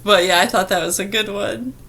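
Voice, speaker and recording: A woman talks straight to her audience in a casual vlog, telling a story. She is chatty and laughs often as she acts out the voices of the people in it. Her pitch sits in an ordinary middle range for a woman. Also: fairly quick, creaky, breathy edge. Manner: chatty, laughing, animated retelling. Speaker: vlogger.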